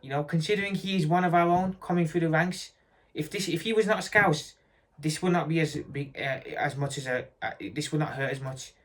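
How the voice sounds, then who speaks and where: Man, football fan rant, blunt, repetitive, emphatic, middle pitch. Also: fairly bright tone.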